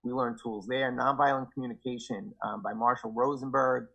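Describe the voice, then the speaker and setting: Earnest man with a husky voice. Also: medium pitch, normal speed, lo-fi sound. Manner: earnest, reflective, animated when quoting himself. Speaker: podcast guest. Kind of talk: casual conversation.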